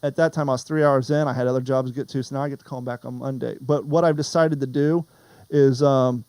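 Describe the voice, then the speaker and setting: A man's voice: mid-range voice, fairly even intonation, quick pace, darkish tone, no room sound. A man hosting a podcast in casual chat, rambling and wandering off topic. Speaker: podcast host.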